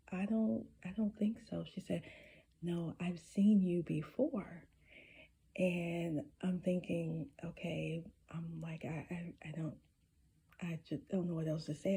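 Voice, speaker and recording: A woman telling a personal story in a casual, halting way, with many restarts and some whispered asides. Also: lowish voice, creaky, mellow, breathy edge. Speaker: spiritual storyteller.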